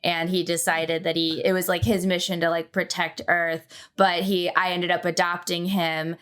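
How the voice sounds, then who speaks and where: A woman on a podcast panel telling a story in animated, casual chat. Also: fairly low pitch, smooth. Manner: animated storytelling, trails into pauses.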